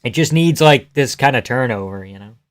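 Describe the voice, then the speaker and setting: Guy on a live watch-along stream, casual and sweary, reading chat and joking around, pretty average pitch. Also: expressive, fairly quick, dry recording, studio quality.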